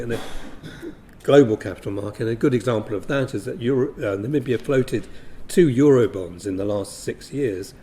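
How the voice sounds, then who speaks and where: A man giving a business briefing presentation, measured and full of ums and self-corrections. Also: mid-range voice, mellow, a little hiss or hum. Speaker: briefing speaker on investment.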